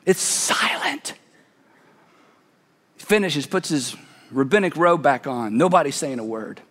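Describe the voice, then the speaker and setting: A man's voice: a little high, very animated, a little slow, a bit bright. A man pastor preaching a sermon in a conversational, storytelling way, with emphatic asides. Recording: long hall reverb.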